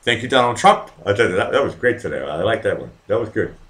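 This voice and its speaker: A man's voice: lowish voice, very animated, fast, a bit bright. A man hosting his own live online show, chatting casually to his viewers, rambling and swearing a lot while drinking. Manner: rambling, profane, talks to the chat. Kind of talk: casual live-stream chat.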